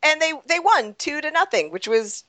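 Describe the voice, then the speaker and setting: A woman's voice: sits high, sing-song, normal speed, fairly bright tone, dry recording. A woman hosting a casual sports podcast, giggly and rambling, often laughing at herself. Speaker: podcast host.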